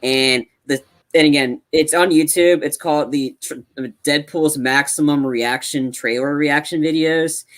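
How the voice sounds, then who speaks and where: A man co-hosting a casual movie podcast, rambling and excitable, with many restarts. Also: a little high, unhurried. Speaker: podcast co-host.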